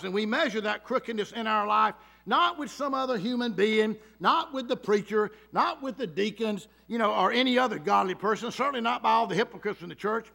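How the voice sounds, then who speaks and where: A man preaching a sermon, swinging from loud emphasis to hushed tones and acting out the voices in his stories. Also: high-pitched, creaky. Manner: acts out quoted voices in storytelling.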